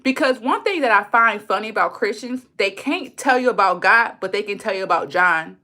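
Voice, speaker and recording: Bright-voiced woman ranting to her chat. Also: medium pitch, animated, a little fast. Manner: blunt, profane, heated; repeats lines for emphasis. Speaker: livestreamer talking to her chat. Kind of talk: unscripted livestream rant.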